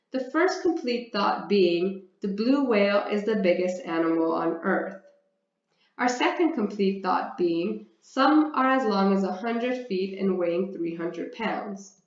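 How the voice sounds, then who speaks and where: Slow, careful woman teaching grammar. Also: mid-range voice. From Canada. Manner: deliberate, explains step by step, often asks and answers her own questions. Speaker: English teacher. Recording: roomy, slightly dull sound.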